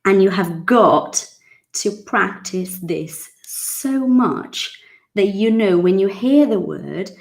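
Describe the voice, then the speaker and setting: A woman, teaching English in a chatty, casual way and repeating words slowly so they can be drilled. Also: mid-range voice, lively intonation, vocal fry. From Brazil. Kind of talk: casual online English lesson.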